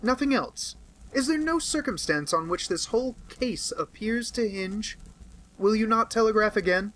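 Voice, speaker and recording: A man reading an audiobook and voicing a sharp, amused male detective who presses with pointed questions. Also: high-pitched, lively intonation, moderate pace, voice pushed up, rough recording. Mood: probing. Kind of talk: audiobook character voice.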